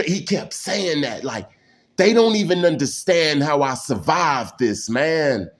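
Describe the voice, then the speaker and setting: A man's voice: fairly high pitch, sing-song, slow pace. A man, telling personal stories in a rambling, intense way and saying "man" again and again. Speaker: storyteller. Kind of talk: casual personal storytelling.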